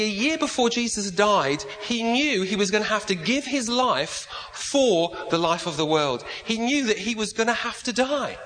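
A man with a high voice preaches a sermon, halting now and then and repeating words while he searches for the next phrase. His voice rings out with a long reverb, as in a church hall. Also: a bit bright.

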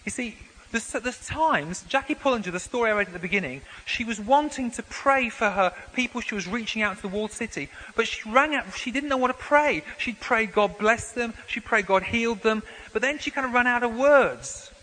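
A man preaching a sermon in a relaxed, conversational way, often restarting and repeating words as he explains. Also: extremely high pitch, a little fast. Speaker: pastor. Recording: long hall reverb, faint background noise.

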